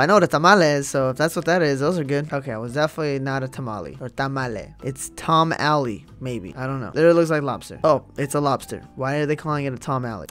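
A man hosts a casual reaction video in a loose, slangy, joking manner. He reads each entry aloud, then riffs on it. His voice sits slightly high for a man, and quiet music plays underneath. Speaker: video host reacting to a list.

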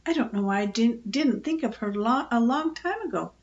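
A woman voicing a kindly mother who is gentle but firm. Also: on the high side, animated, moderate pace, dull audio. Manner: gentle and encouraging, firm when needed. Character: kindly, patient mother of several children.

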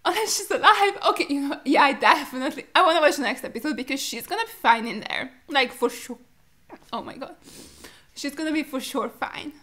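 A young woman with a high, bright voice talks through tears as she reacts to a show. She pleads and protests in disbelief, swearing now and then as her voice breaks. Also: fairly quick. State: crying. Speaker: reaction video host. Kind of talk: emotional reaction commentary.

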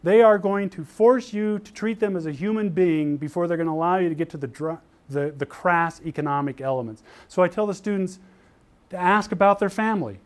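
An older man from Utah giving an animated university lecture, telling stories and acting out the voices of the people in them. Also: high voice, brisk. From Utah, USA. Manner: lively storytelling, acts out quoted voices. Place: lecture hall.

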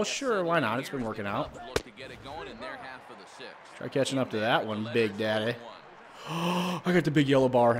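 A man casually commenting on his own baseball video game as he plays, swearing and yelling at bad pitches, then talking himself back to calm. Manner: swears and yells in bursts of frustration, then talks himself calm. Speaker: gaming video creator.

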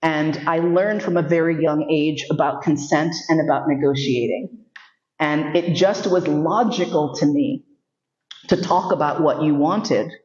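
A woman's voice: low-pitched, a little slow, a little mellow. A woman in her fifties from New York City, telling candid, humorous stories as a sexuality educator and acting out the voices she quotes. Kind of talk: storytelling lecture. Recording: muffled roomy recording.

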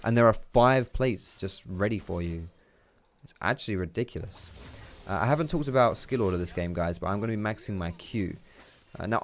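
A young man giving casual, excitable gameplay commentary, chatty and swearing freely. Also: on the low side. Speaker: gaming YouTuber.

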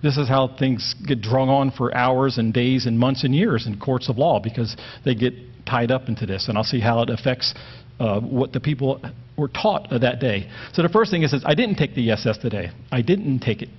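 A man's voice: medium pitch, normal speed, husky. Plain-spoken man teaching the Bible. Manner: plain-spoken, stresses words to make points. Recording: dull lo-fi recording.

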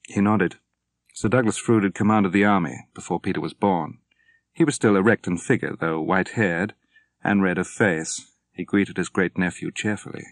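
A man narrating an audiobook in a measured, understated way. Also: deep voice, no room sound. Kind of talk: scripted narration.

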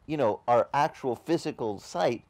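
A man's voice: medium pitch, animated, moderate pace, darkish tone. A man preaching a sermon as a pastor. He talks conversationally, quizzes the congregation with rhetorical questions and mocks opposing views in dismissive quoted voices. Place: outdoor beach service.

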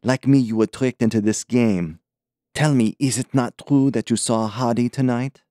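A man's voice: mid-range voice, moderate pace, no room sound, clean studio sound, lightly acted. A man voicing a scornful young man with a foreign accent, urging and mocking in a conspiratorial audiobook scene. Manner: mocking, urgent, forceful.

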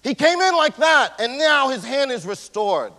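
High, lively-voiced male pastor preaching. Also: moderate pace. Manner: swings between loud emphasis and hushed near-whispers; casual slangy preaching. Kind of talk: sermon. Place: church sanctuary. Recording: long church hall reverb.

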